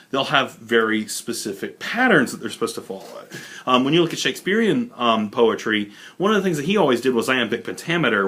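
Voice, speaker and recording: A man's voice: medium pitch, sharp tone. A young adult man teaching a recorded college literature lesson in a loose, informal way, with many fillers and asides. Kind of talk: casual recorded lecture.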